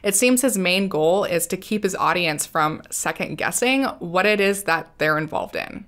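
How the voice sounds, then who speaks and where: Measured woman with a lowish voice. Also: expressive, fairly bright tone. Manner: measured, critical, dryly sarcastic. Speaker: commentary channel host. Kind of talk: scripted video commentary.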